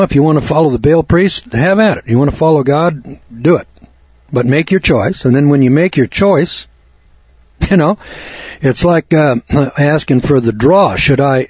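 Husky guy preaching, sarcastic and folksy, dry dull lo-fi sound. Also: fairly high pitch, darkish tone, no room sound. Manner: blunt, sardonic, folksy. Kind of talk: blunt fire-and-brimstone sermon. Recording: dull lo-fi recording.

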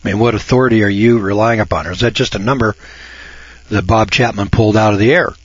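Talking quickly in a steady, fairly low, slightly rough voice, this older American radio host delivers a folksy, casual monologue. He's emphatic, repeats himself while building points, and raises his voice to mock callers. The audio is dull, lo-fi radio, dry with no echo.

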